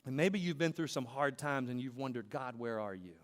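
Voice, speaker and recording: A man's voice: mid-range voice, lively intonation, brisk. A man preaching a sermon as pastor, in a rhythmic style with repeated phrases that build to emphatic peaks. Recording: long hall reverb.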